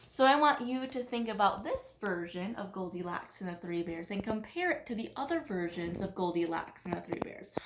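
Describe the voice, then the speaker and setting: A woman teacher reading a children's story aloud, expressive and sing-song. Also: mid-range voice, reverberant.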